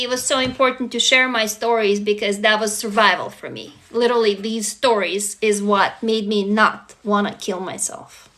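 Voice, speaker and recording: A woman's voice: on the high side, bright, forceful tone. A woman from Russia hosting a casual livestream, talking frankly and answering viewers' comments as she goes. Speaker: livestream host.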